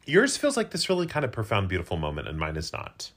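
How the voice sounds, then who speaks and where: A man co-hosting a podcast, bantering in a dry, teasing way with quick quips. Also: lowish voice, huge pitch swings, fairly bright tone. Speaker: podcast co-host. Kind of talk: casual banter.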